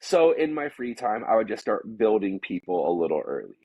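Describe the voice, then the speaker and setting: A man with a low, slightly husky voice tells a story from his working life in an easy, conversational way. He rambles, fills his sentences with "like," and restarts his thoughts often. The recording sounds dull and lo-fi, with a dry, close sound. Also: big pitch swings, fairly quick, no echo. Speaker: podcast guest telling a work story. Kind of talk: casual storytelling.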